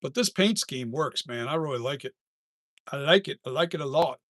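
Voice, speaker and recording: A man's voice: a little high, expressive, brisk, fairly bright tone, dry recording, clean studio sound. Rambling man on a casual live stream. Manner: rambling, trailing off and restarting. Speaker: mask maker and live streamer.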